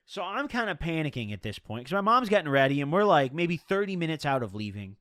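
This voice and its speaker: A man's voice: on the high side, big pitch swings, fast, hardly any pauses, a bit bright, dry recording, clean studio sound. A young man telling a rambling, profane storytime tale in slangy, casual talk.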